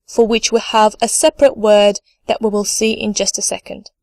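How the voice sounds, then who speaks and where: A woman's voice: mid-range voice, flat delivery, normal speed, vocal fry, a little mellow, no echo. A woman teaching a recorded language lesson, speaking carefully, saying each word twice for learners and encouraging them to repeat. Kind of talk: scripted online lesson.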